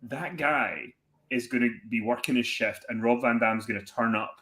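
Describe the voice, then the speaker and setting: Man, young adult, podcast guest, bright forceful tone, animated, sweary, does voices. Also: medium pitch, normal speed. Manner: animated, swearing, acts out the voices in his anecdotes. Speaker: podcast guest, wrestling commentator. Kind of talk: casual storytelling chat.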